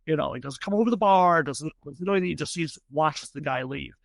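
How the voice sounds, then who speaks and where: Rambling game master, higher voice. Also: male voice, fast, gravelly, no room sound. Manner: rambling, many fillers and restarts. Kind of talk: narrating a tabletop game.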